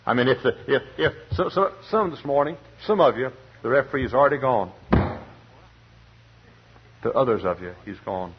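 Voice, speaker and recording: A man's voice: mid-range voice, lively intonation, moderate pace, pauses often, husky. Man preaching, muffled old radio recording. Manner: dramatic preaching, swings from loud to hushed. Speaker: pastor. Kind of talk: sermon.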